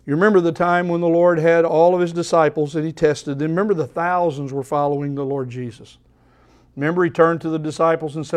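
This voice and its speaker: A man preaching a sermon, expressive, at times dropping to soft repeated phrases, with restarts and stammers mid-thought. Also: a little high, fast talker. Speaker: pastor.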